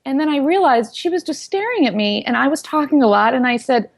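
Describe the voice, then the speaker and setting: A woman in her thirties, a founder telling her story in an interview, animated and quick to act out what people said. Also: high-pitched, gravelly. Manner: animated storyteller who acts out quoted voices.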